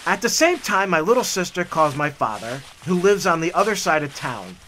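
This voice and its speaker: A man in casual, animated storytelling on a hike along a forest trail. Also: a little high, normal speed, a little hiss or hum. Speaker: hiking vlogger.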